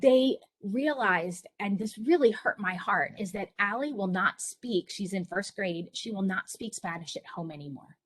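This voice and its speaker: A woman's voice: mid-range voice, lively intonation, normal speed, hardly any pauses. A middle-aged woman presenting to parents over a video call, telling personal stories in an earnest, encouraging way. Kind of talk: online presentation for families.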